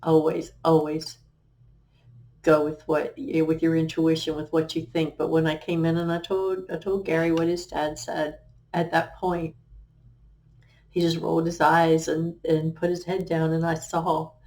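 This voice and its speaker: A middle-aged woman, a life coach, sharing her personal story on a talk show in an earnest, halting way, with many fillers and restarts. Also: sits low, level tone, darkish tone. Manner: quotes remembered conversations.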